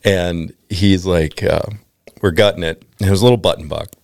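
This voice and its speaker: Low, gravelly man telling stories. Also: steady tone, moderate pace, a little mellow, dry recording, studio quality. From Minnesota, USA. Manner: rambling, laughing storyteller full of "I mean" and "like". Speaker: podcast guest. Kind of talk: casual storytelling chat.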